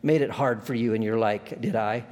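A man voicing the bitter, self-righteous ghost of a working man, who talks with rough grammar in a blustering, complaining way. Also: mid-range voice, moderate pace, darkish tone, natural voice. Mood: angry. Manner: indignant and complaining. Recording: long echo of a large hall.

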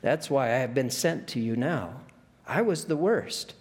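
A calm spirit of a reformed man speaks plainly and earnestly, voiced by a man. His voice sits at an ordinary middle pitch. The sound carries a long hall reverb. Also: a little slow. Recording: long echo of a large hall.

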